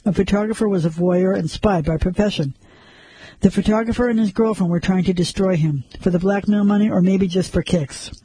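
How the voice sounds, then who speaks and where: A man narrating a crime story like an audiobook, measured and suspenseful. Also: high-pitched, steady tone, warm tone, breathy edge, dry recording, rough recording.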